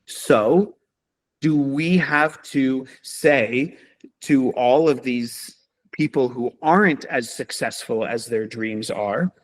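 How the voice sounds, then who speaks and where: A man's voice: mid-range voice, takes it slowly. Passionate, emphatic man speaking. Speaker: podcast guest. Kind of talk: conversational interview.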